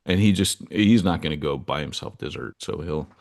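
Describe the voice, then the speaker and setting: A man's voice: a bass voice, moderate pace, gravelly. A man co-hosting a podcast, telling stories in casual, slangy chat with lots of asides. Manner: animated storyteller, slangy, fond of asides. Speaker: podcast co-host.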